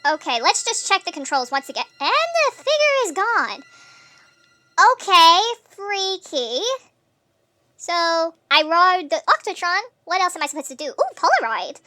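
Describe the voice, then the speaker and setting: A woman giving chatty gameplay commentary, thinking aloud with fillers, her voice sped up and pitch-shifted nightcore-style. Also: sing-song, normal speed, pushed and bright. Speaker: gameplay streamer.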